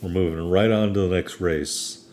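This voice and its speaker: A man's voice: low-pitched, fairly even intonation, normal speed, a little mellow. A man hosting a racing game playthrough in casual commentary, rambling with frequent ums and self-deprecating asides. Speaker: let's play host.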